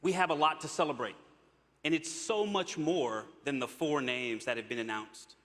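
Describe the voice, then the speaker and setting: Bright-voiced man speaking in a hall. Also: a little high, moderate pace. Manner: upbeat, earnest speech with laughs. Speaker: astronaut. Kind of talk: public speech. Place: large hall with audience. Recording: long hall reverb.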